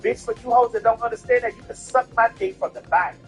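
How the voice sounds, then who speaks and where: A man's voice: very high-pitched, huge pitch swings, fast talker, creaky, faint music behind. A tipsy man telling a personal story in a casual way, emphatic, repetitive and profane.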